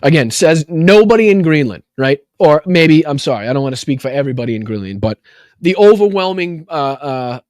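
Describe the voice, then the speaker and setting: A man's voice: fairly high pitch, lively intonation, fairly quick, a little mellow, no room sound, studio quality. A man hosting a casual political livestream, rambling and narrating what he is doing on screen. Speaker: show host.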